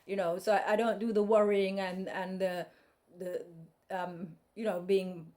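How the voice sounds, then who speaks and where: A woman's voice: mid-range voice, little pitch movement, measured pace, mellow. A woman, talking in a casual personal monologue, blunt and outspoken, rambling with many restarts. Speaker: podcast host.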